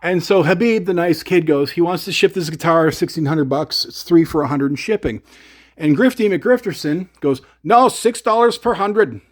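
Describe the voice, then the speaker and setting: A man from Canada chats his way through a long, digressive story. His voice sits a little high, and he wanders off topic easily. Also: normal speed. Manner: rambling, chatty, digressive. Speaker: gear vlogger. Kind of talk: casual storytelling to camera.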